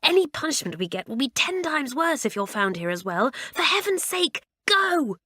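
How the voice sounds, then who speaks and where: A woman's voice: sits high, big pitch swings, moderate pace, pushed and bright, no echo, voice pushed up, full character voice. A woman voicing an insistent schoolgirl in an audiobook, hissing her words. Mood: urgent. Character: bossy, urgent schoolgirl. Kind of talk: audiobook character reading.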